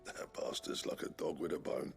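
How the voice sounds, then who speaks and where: An actor playing a blunt, sweary middle-aged blacksmith who grumbles and mutters in a gravelly voice. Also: male voice, moderate pace, soft background music, natural voice.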